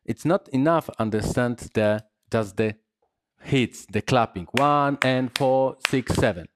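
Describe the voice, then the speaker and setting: A man teaching salsa rhythm, counting beats and scatting the patterns aloud in halting English. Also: medium pitch, dry recording. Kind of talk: dance lesson explaining rhythm.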